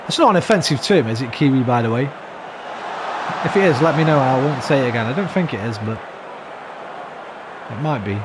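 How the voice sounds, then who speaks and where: A man's voice: medium pitch, animated, fairly quick, pauses often. A man streaming a football management game, chatting with viewers and swearing when it goes wrong. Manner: swearing, chatty, flares into frustrated outbursts. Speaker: gaming streamer. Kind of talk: live game stream chat. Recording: noisy background.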